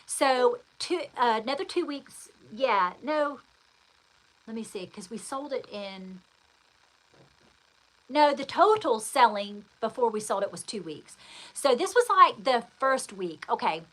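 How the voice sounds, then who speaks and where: A woman with a bright, clear voice chats her way through a personal story, rambling and circling back as she goes. She talks straight to her listener, calling them darling, in an easy, conversational way. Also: a little high, very animated, measured pace, rough recording. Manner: chatty, rambling, addresses the listener directly with endearments. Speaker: host. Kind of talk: casual storytelling chat.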